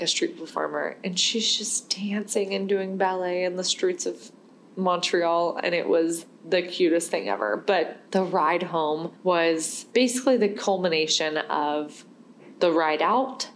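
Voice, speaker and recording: A woman's voice: fairly low pitch, slight background noise. A young woman hosting a podcast, telling a personal story in a candid, rambling way and laughing now and then. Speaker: podcast host.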